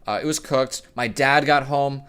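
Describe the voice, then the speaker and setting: A man's voice: mid-range voice, steady tone, moderate pace, pushed and bright, smooth. Young man rambling through a profane storytime. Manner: rambling, profane, self-correcting. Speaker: storyteller vlogger. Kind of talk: casual storytime vlog.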